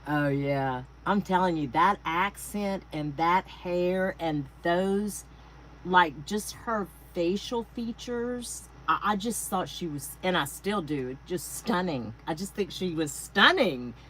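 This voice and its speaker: Speaking slowly in a voice on the low side with a bit of brightness, she's a middle-aged Texan with a Southern accent hosting a craft livestream. She chats easily and calls out viewers by name, and the rough recording has a faint air conditioner hum.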